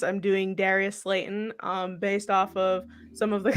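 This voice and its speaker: A woman's voice: medium pitch, flat delivery, moderate pace, hardly any pauses, a bit bright. Chatty female podcast co-host. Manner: chatty, lots of 'like', thinking aloud. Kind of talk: casual podcast chat.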